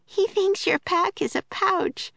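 A woman voicing an excitable, tender-hearted young girl in a storybook, speaking in a breathless, eager way. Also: very high-pitched, slow, gravelly, dry recording, voice pushed up, full character voice. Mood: cheerful.

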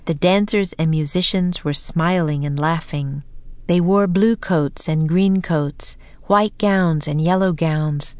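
A woman narrating a children's storybook in a gentle, even way. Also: low-pitched, slow pace, no room sound. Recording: dry close recording, faint music.

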